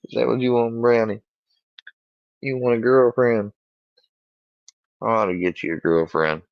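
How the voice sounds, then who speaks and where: A man rambling and cursing as he talks casually to his dog, with halting restarts, on a dull lo-fi recording. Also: medium pitch, fairly even intonation, gravelly, no room sound.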